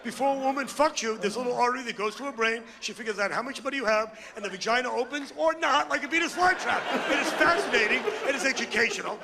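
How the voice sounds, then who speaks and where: A middle-aged man doing a brash, crude, ranting stand-up comedy routine on stage, with loud outbursts. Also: extremely high pitch, fast talker, creaky, few pauses, noisy background. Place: comedy stage before a live audience.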